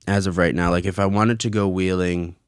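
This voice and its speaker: A man's voice: deep voice, fairly even intonation, fairly quick, smooth, dry recording, clean studio sound. A man in his thirties hosting a casual solo podcast from his basement, rambling and swearing with frequent laughs. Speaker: podcast host. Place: home basement.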